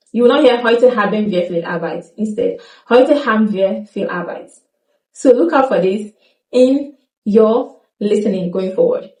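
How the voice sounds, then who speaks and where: A woman narrating a scripted language lesson, demonstrating example phrases slowly and deliberately. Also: a little high, a little mellow, roomy sound, recorded from a distance, poor audio. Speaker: language teacher.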